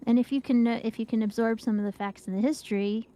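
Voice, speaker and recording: A woman's voice: on the high side, fairly even intonation, fast talker, mellow. A woman chatting casually during a group game session, explaining things at length and laughing often. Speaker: gaming group member. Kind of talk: casual chat while gaming.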